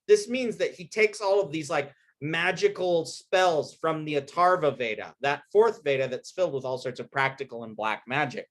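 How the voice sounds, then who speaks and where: A man's voice: a little high, lively intonation, moderate pace, hardly any pauses. A man giving a casual recorded lecture, retelling an epic in an informal, storytelling way with slang.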